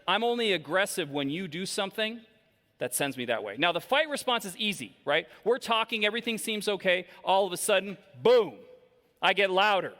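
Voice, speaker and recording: A man in his forties giving an energetic, interactive keynote talk from a large stage, quizzing the audience. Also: high voice, fairly quick. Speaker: keynote speaker. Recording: long hall reverb.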